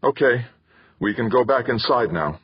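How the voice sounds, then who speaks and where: A man's voice: medium pitch, animated, moderate pace, slightly rough, dry recording, pitched above the performer's own voice. A male narrator voicing a tired teenage boy on a spacewalk, in a dull lo-fi recording.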